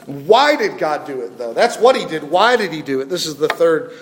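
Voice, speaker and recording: Pastor guy preaching, kinda high voice, lots of hall reverb, gets fired up. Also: sing-song, normal speed, slight background noise. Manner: emphatic, repeats questions, rising to fervor. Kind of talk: sermon.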